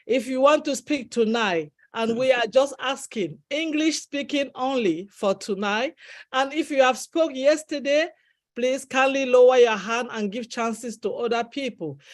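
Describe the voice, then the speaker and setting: A woman co-hosting an online webinar, calling speakers up with polite, formal phrasing. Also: fairly high pitch. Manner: polite, formal greetings, slightly nonstandard grammar. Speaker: webinar co-host. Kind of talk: moderating an online panel.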